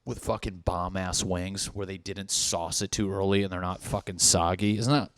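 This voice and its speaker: A man's voice: low voice, steady tone, moderate pace. A man in his thirties hosting a podcast as a casual, comedic solo monologue. He rambles and swears freely as he riffs on party scenarios. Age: 30s. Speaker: podcast host.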